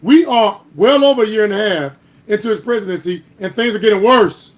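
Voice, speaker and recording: A little fast and high-pitched, the host of a political commentary stream argues with heat, his lively delivery swelling into louder bursts as he repeats "All right?" to press each point.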